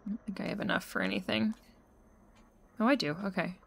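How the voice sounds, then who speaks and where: A woman's voice: mid-range voice, brisk, creaky, slight background noise. A young woman streamer giving casual, joking gameplay commentary, swearing freely and talking to her chat.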